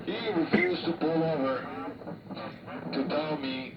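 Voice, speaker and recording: A man's voice: medium pitch, measured pace, muffled recording, heavy background noise. A man trash-talking over CB radio in a coarse, mocking way. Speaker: CB radio operator. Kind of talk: profane CB radio banter.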